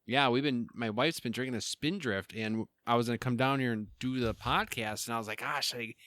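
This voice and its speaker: A man's voice: mid-range voice, brisk, a bit bright, no echo. A middle-aged man hosting a casual solo podcast, rambling and self-deprecating with lots of fillers, breathing heavily. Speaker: podcast host.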